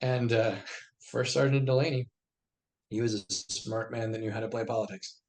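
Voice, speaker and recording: Brief: middle-aged veteran man, mid-pitched voice, conversational yarn-spinner who acts out the quotes. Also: normal speed. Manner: acts out quoted dialogue in lively bursts. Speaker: podcast guest, army veteran. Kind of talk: conversational storytelling.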